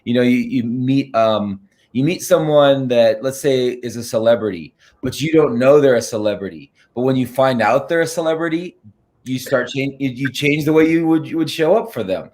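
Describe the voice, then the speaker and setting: A man's voice: mid-range voice, normal speed, darkish tone. A man co-hosting a casual coaching chat, talking with many ums and restarts. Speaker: co-host coach.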